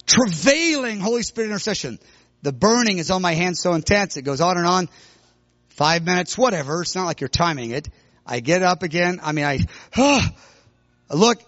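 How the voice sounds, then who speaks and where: A middle-aged man preaching, telling a personal story with sudden loud outbursts. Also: high voice, normal speed, no echo, highs cut off. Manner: animated, bursts into loud shouts when retelling. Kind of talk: sermon testimony storytelling.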